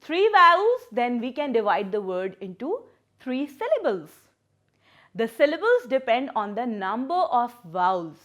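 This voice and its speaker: Woman teacher, unhurried and sing-song, patient with young learners. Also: fairly high pitch, very animated, fairly bright tone. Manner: patient, repeats words and splits syllables. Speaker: primary school English teacher. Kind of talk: recorded classroom lesson.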